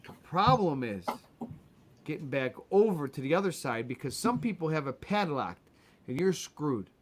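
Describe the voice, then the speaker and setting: Joking man, higher voice. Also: big pitch swings, moderate pace, background noise. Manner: joking, teasing banter. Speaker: co-host. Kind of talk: casual comedic chat.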